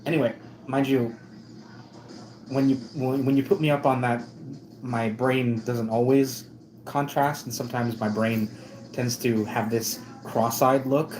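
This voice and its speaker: A man's voice: medium pitch, fairly even intonation, measured pace, a little mellow, slight background noise, rough recording. A man from the United States telling a story in a casual vlog, rambling and often correcting himself. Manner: rambling, self-correcting, with many restarts. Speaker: vlogger.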